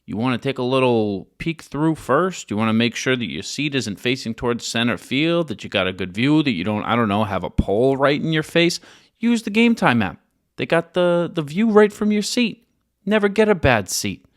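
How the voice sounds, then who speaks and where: A man with an ordinary mid-range voice co-hosts a casual podcast. He pitches sponsors in an upbeat, salesy way and teases his partner playfully. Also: big pitch swings, normal speed. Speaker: podcast co-host. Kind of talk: reading an ad read, casual chat.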